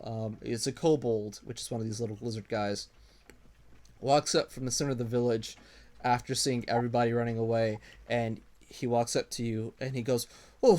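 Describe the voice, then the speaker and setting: A man narrates a tabletop game as game master, rambling casually with many ums and restarts. His voice is medium-pitched with a darkish tone.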